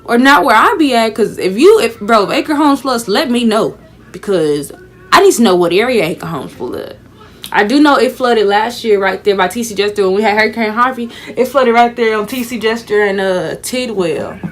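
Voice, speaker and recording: With lively intonation and a slightly high voice at moderate speed, a young Houston vlogger tells a casual story sprinkled with swearing. She plays the characters herself while taking out her braids.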